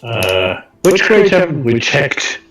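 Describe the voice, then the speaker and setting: Man player, drawling casual banter, slow pace, roomy echo, faint music. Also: mid-range voice, big pitch swings, recorded from a distance. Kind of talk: casual chat at a tabletop game. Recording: echoey room.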